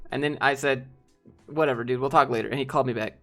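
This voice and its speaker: A man's voice: mid-range voice, fairly even intonation, racing, a bit bright, soft background music. A man talking casually and bluntly to his viewers, rambling with fillers and swearing now and then. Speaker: streamer talking to chat. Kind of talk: casual live-stream chat.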